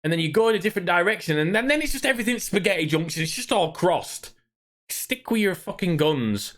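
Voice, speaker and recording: A man with a high voice and big pitch swings rants angrily at his chat during a livestream, swearing as he goes. He talks briskly in a fairly bright tone, sounding irritated and profane throughout this gaming rant.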